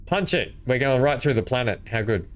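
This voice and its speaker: Man, gaming streamer, playful, chuckling, casual chat, mid pitch. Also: a little fast. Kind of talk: casual multiplayer gameplay chat. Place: home room.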